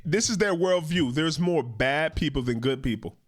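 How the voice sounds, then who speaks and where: A man's voice: on the high side, lively intonation, normal speed. A man hosting a reaction commentary, talking in a profane, emphatic and indignant way. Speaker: host, commentator.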